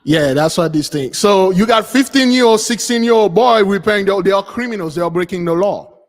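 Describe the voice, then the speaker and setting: A man's voice: sits high, a little fast. A man hosting a livestream commentary, talking in an emphatic, preachy way and repeating his points. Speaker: channel host. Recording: long reverb.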